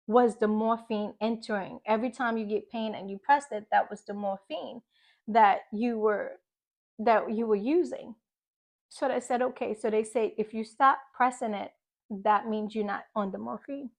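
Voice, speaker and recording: Emotional woman telling her birth testimony. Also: on the high side. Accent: Philadelphia. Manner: emotional, fillers, acts out her own pleading quotes. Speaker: faith vlogger sharing a testimony. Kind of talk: personal testimony, casual storytelling.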